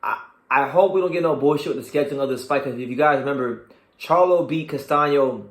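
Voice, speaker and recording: A man's voice: medium pitch, fast, reverberant. A man hosting a boxing show, breaking down a fight in casual chat. He talks with lots of energy, swears casually, and stumbles and repeats words.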